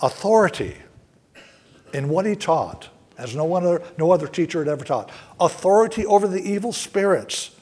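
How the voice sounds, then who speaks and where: A man's voice: high voice, expressive, moderate pace, darkish tone, slightly rough. A male pastor preaching a sermon to a congregation in a church, with earnest, emphatic rises on key words. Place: church sanctuary.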